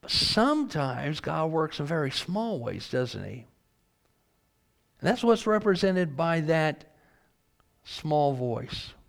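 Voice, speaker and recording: High-voiced preacher man, earnest sermon. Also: vocal fry. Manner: earnest, rhetorical questions, reads scripture aloud.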